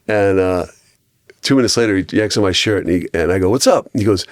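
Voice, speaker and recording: As a podcast guest, a very low-voiced, middle-aged man tells casual stories at a quick pace, rambling, restarting his sentences and performing the voices of people he quotes. A close podcast mic captures him with a dry sound.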